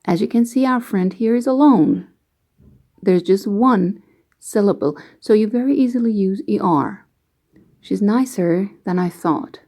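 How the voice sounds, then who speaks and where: A woman explaining English grammar rules slowly and patiently, giving example sentences as an online teacher. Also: medium pitch, warm tone. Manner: slow, careful, patient explaining.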